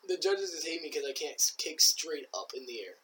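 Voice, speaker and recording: Bright-voiced young man, casual banter. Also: on the high side, fairly quick, poor audio. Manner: laughing, joking, animated. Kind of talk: casual chat.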